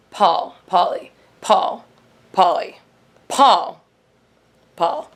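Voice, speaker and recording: A woman's voice: medium pitch, normal speed, soft background music. A woman hosting a casual TV recap vlog, rambling and swearing freely, with "like" in nearly every sentence. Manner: rambling, profane, heavy on "like". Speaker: show host.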